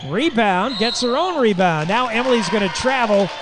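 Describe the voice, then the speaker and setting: A man with a high, lifted voice calls a high school basketball game live on radio, rattling off passes and steals with quick energy. A crowd murmurs and cheers loudly around him in the gym, and balls bounce off the floor behind his call. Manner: rapid, energetic play calling, rising with the action. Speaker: radio play-by-play announcer. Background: crowd noise and bouncing basketballs.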